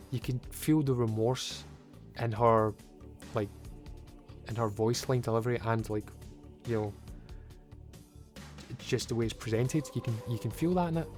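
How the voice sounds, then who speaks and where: A man's voice: mid-range voice, a little mellow. Opinionated man reviewing games. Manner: opinionated, rambling, casually sweary. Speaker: game reviewer. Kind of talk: casual video review.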